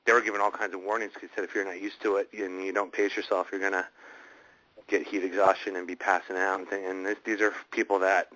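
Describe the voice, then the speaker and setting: Low-voiced, bright-toned male show host. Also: flat delivery, no echo, low-quality recording. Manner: halting, rambling, with many restarts. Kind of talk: casual online radio chat.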